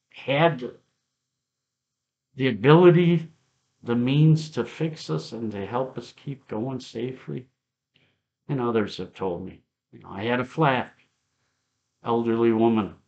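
A middle-aged male pastor leading a Bible study, speaking gently and reflectively and telling stories with soft laughs. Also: medium pitch. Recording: dull lo-fi sound.

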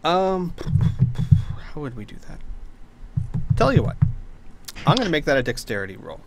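A man's voice: a little high, sing-song, normal speed, background noise. A man running a tabletop role-playing game as game master, chatting casually with fillers and frequent laughs.

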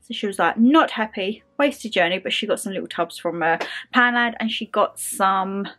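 A woman's voice: medium pitch, moderate pace, fairly bright tone, faint music behind. A woman chatting casually in a home vlog, rambling through stories and peppering them with "like". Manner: chatty, rambling storytelling with lots of "like". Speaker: vlogger.

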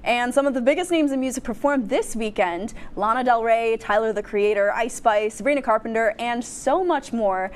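A young woman co-hosting a student TV entertainment show, bubbly and chatty, quick to laugh. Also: a little high. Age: young adult. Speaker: student co-host. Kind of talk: casual co-hosted entertainment segment. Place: campus TV studio.

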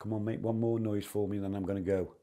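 A man's voice: fairly low pitch, level tone, fast, mellow. A man investigating a house at night, coaxingly calling out to spirits and asking for knocks. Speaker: paranormal investigator. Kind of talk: calling out during a ghost hunt.

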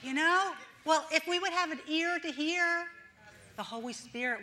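In a reverberant church hall, an older woman pastor gives a conversational sermon in the sanctuary, poking fun at herself, acting out little voices, and laughing along. Her voice sits high and is bright and forceful at a moderate pace.

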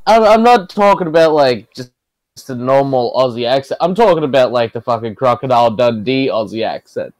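A man's voice: medium pitch, expressive, a little fast, no room sound, rough recording. A man with a New Zealand accent, a player chatting casually at a tabletop game, laughing often and swearing.

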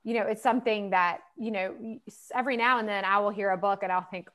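In a relaxed video-call interview, the author speaks fast with a medium-pitched, fairly bright voice and fairly even intonation, her loose, chatty answers packed with fillers and laughs.

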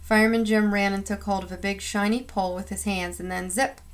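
A woman's voice: mid-range voice, fairly even intonation, a little fast. A woman reading a children's picture book aloud, acting out the sound effects with expression. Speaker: storyteller.

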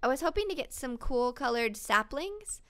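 Young woman, gaming YouTuber. Bright, bubbly, lively delivery with easy tangents. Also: sits high, normal speed. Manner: bubbly, chatty, easily distracted. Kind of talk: casual let's-play chat.

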